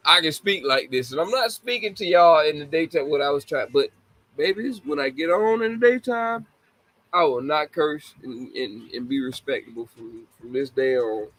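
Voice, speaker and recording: A man's voice: a little high, animated, moderate pace, a bit bright, rough recording. A man in his forties hosting a casual live talk show, laughing often and apologizing to young listeners he calls babies. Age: 40s. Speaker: show host.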